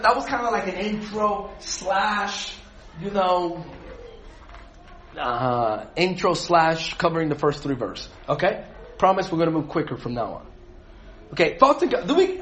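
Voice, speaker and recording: Animated male Bible study leader, high and lively, quizzes his group. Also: normal speed, slight background noise. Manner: animated, asks the group questions, laughs often.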